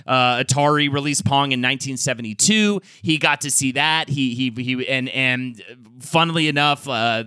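A man co-hosting a casual podcast, talking in an excitable, rambling way. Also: mid-range voice, smooth, dry recording. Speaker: podcast co-host.

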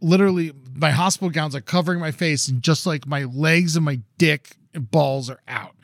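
Man, casual storyteller, profane, acts out voices, slightly high voice, dry close mic. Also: normal speed, dry recording. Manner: animated, profane, acts out quotes in raised voice. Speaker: podcast co-host.

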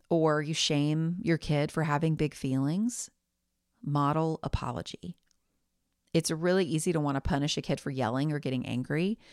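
A woman's voice: low-pitched, a little mellow, no echo, studio quality. A woman in her thirties hosting a solo parenting podcast, talking in a conversational way with frequent asides. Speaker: podcast host. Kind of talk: solo podcast advice talk.

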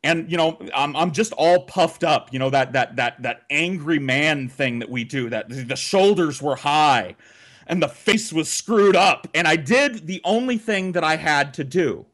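A man's voice: a little high, animated, measured pace, fairly bright tone. A man telling a childhood story on a podcast in casual, profanity-laced chat.

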